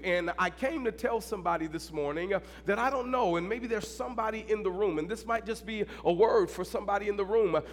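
Preaching man in an echoing church. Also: high-pitched. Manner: preaching with strong emphasis, slow deliberate repetition. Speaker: pastor. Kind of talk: sermon. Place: church sanctuary. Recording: long hall reverb, faint hum.

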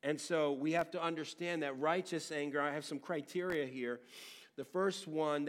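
A middle-aged pastor, his voice slightly high, gives a sermon that shifts from booming, emphatic instruction to soft storytelling about his own life. He speaks openly and keeps restarting his sentences.

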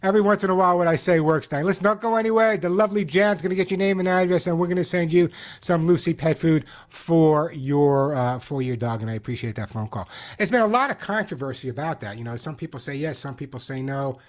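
A man hosting a call-in pet radio show, giving emphatic advice with quick jokes. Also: on the high side.

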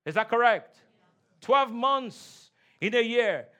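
A man preaching a sermon in a church, leading call-and-response and repeating key lines, swinging between loud shouts and low, quiet emphasis. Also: expressive, slow. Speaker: pastor. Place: church sanctuary.

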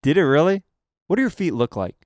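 A man's voice: fairly high pitch, sing-song, fast talker, darkish tone, no room sound, studio quality. A man co-hosting a casual comedy chat, playful and mock-indignant, laughing often. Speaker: podcast co-host.

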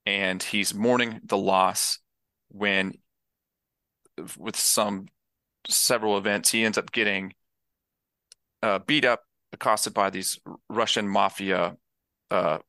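A man with a gravelly, bright voice talks through a film on a podcast. His recap rambles eagerly, full of restarts, and the sound is close and dry with no room around it. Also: lowish voice, fairly even intonation, takes it slowly, long pauses, no room sound. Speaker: podcast co-host. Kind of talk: casual movie discussion.

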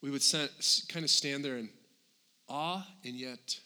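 An older man preaching a sermon as pastor, animated and swinging between loud and quiet. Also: mid-range voice, measured pace.

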